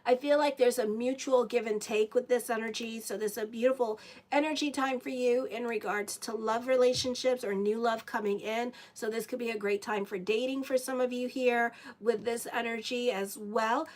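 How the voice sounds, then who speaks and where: A woman with a somewhat high voice gives a casual live tarot reading. She talks loosely and conversationally, drifting into asides to her audience and her cat before returning to the cards. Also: fairly even intonation, moderate pace, a little mellow. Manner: chatty, breaks off into asides to viewers and her cat. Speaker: astrologer and tarot reader.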